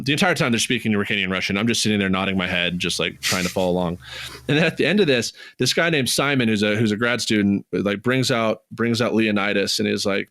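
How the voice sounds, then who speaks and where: A man with a fairly low speaking voice co-hosts a casual podcast and tells an animated story. He swears freely and his voice jumps high with excitement. The sound is dry and close, with no room around it. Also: dry recording. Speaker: podcast co-host.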